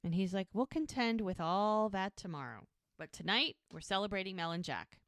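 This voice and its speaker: This podcast co-host chats casually while retelling a TV episode one scene at a time, acting out dialogue and often laughing. Her medium-pitched, fairly bright voice has lively intonation at normal speed, captured in a dry recording with clean studio sound.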